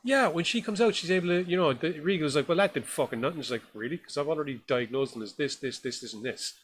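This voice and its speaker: A man's voice: fairly high pitch, quick pace, slight background noise. A man co-hosting a horror film podcast, reviewing a new film in casual, enthusiastic, rambling chat. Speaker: podcast co-host.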